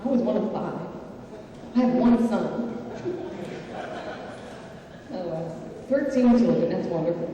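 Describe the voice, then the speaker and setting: A woman's voice: lowish voice, slow, long pauses, distant mic, crowd noise. A woman with a Southern US drawl giving a ceremonial speech, with joking, self-deprecating asides to the audience. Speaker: guest speaker. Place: large banquet hall. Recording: echoey hall, picked up from afar.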